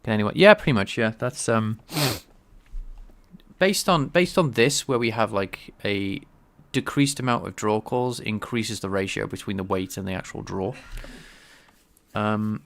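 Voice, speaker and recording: A man livestreaming game development, thinking aloud in a halting way with many restarts. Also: on the low side, gravelly, a bit bright, slight background noise. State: sneezing, a bit stuffy. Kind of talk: casual livestream coding talk.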